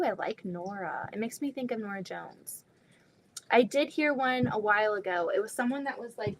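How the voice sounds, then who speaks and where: A young woman with a fairly high, light voice hosts a live sewing stream. She chats casually as she works, reads her viewers' comments aloud and laughs often. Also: slight background noise.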